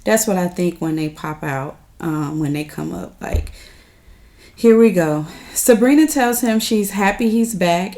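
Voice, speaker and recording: Slow, chatty woman recapping TV. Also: on the low side, dark tone. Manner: chatty, addresses viewers as y'all, laughs often. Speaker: recap host. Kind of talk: casual TV recap chat.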